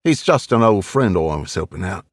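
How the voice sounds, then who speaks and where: A man's voice: deep voice, sing-song, normal speed, dry recording. A man doing a wry old Cockney captain. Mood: wry, evasive. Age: 60s. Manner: dry, evasive, jokey. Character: retired Cockney special forces captain, older man, wry.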